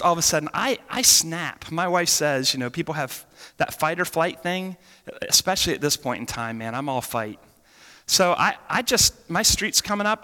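A man preaching a sermon, telling a personal story in an animated way, with sudden swings between loud and hushed. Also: a little high. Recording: long reverb of a church hall.

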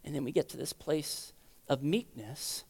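In a church sanctuary with long hall reverb, a man preaches in a conversational, teaching manner. He poses rhetorical questions and moves between loud emphasis and quiet lows. His delivery is a little slow, and his voice is creaky and slightly rough.

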